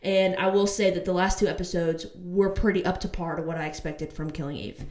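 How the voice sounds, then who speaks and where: A woman's voice: lowish voice, fairly even intonation, fairly quick, darkish tone. Heated woman ranting in a roomy space. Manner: heated, swearing rant. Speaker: TV review vlogger. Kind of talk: casual vlog review.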